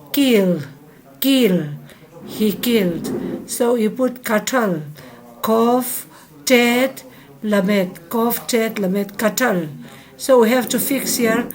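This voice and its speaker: Slow, patient woman teaching verb forms. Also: fairly high pitch. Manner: slow, repeats each verb form for students to echo. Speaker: Hebrew teacher. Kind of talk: recorded grammar lesson.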